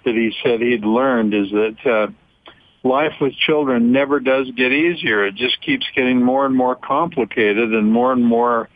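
An older man co-hosts a casual radio show, speaking at a mid-range pitch. He rambles, restarts his sentences and chuckles between points. The sound is narrow and phone-like. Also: unhurried, dry recording.

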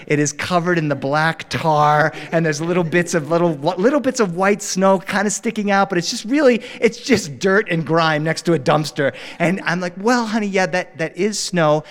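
Animated middle-aged male storyteller. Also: fairly high pitch. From Delaware. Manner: animated, warm, playful, acting out characters. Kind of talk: live storytelling performance. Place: studio with a live audience. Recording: long reverb in a studio hall.

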